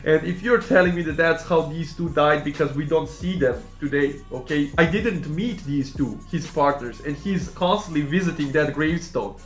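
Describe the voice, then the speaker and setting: High-voiced, emotional reaction host. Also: male voice, moderate pace, few pauses, roomy sound, soft background music. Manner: emotional and exclamatory, keeps saying "man". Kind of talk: casual reaction commentary.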